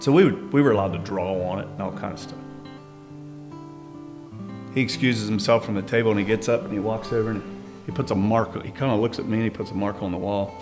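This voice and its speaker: A man telling a story about his grandfather in a relaxed, conversational way, with small restarts. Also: on the low side. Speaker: grandson sharing a family memory. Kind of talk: interview storytelling.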